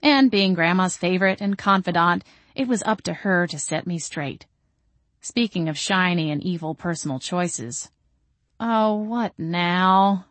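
A woman's voice: lowish voice, moderate pace, dry recording. A woman narrating a first-person audiobook in a wry, sardonic manner.

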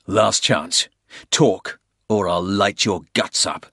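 A man's voice: low-pitched, slow pace, bright, forceful tone, slightly rough, no echo, clean studio sound, exaggerated voice. A man voicing a hard, menacing soldier who threatens a captive. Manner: threatening, snarling, blunt.

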